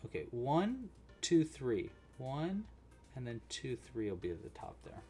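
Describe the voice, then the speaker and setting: A man hosts a casual live crochet lesson, his voice rising and falling in lively swings. He chats with viewers and counts stitches quietly as he works. Faint music plays behind him. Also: medium pitch, unhurried. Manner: chatty, reacts to live chat while crocheting; counts stitches aloud under his breath. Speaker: crochet livestream host. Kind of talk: casual live tutorial chat.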